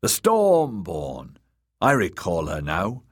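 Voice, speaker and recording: A blustering, rowdy young drinker booms out over his cup, played by a male narrator. The voice is raised and brash, with a husky grain. He sounds ready to pick a fight or call for another round. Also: huge pitch swings, slow pace, dry recording, studio quality, exaggerated voice. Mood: boisterous. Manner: loud, boisterous, blustering.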